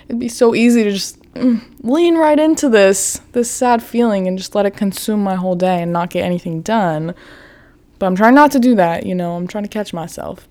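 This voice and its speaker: A young woman talks through her own podcast in a loose, casual way. She giggles often, swears freely and fills her sentences with "like," at an ordinary middle pitch. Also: a little mellow. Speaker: podcast host. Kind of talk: casual solo podcast chat.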